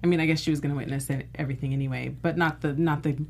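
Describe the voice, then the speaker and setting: A woman's voice: deep voice, fairly even intonation, rapid-fire, darkish tone, slight background noise. A woman co-hosting a casual TV recap chat, enthusiastic and emphatic, laughing often. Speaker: podcast co-host.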